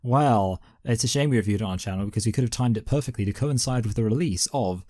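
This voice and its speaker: A British man hosting a film podcast, joking with a dry, deadpan manner in casual banter. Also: on the low side, fast, dry recording. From Britain. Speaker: podcast host.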